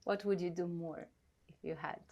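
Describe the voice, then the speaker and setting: A woman's voice: fairly low pitch, steady tone, moderate pace, warm tone. A woman hosting an interview, asking hesitant, rephrased questions and nodding along with frequent backchannels. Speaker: host.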